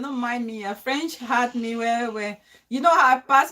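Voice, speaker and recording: Emotional high-voiced woman streaming live. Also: normal speed, a little hiss or hum. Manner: emotional and pleading, shouting out names. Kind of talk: casual live-stream chat with viewers.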